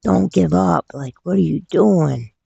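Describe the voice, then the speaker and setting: A woman's voice: lowish voice, measured pace, creaky, mellow, breathy edge, no echo, voice pushed up, exaggerated voice. A woman voicing a concerned jail guard who pleads with her, on a slightly dull, lo-fi recording. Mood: pleading. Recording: dull lo-fi sound.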